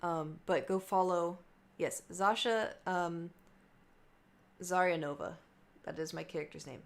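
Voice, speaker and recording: A woman's voice: lowish voice, fairly even intonation, unhurried. Chatty young woman streamer. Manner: rambling, chatty, jumps between topics. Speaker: livestreamer. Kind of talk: casual chat to stream viewers.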